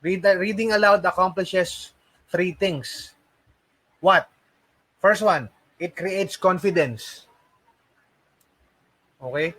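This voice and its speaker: A man in his forties, his voice slightly high for a man with a fairly bright tone, gives a casual training lesson to call center hopefuls. Between restarts and fillers he keeps pausing to ask "okay?", and the recording is dry and rough.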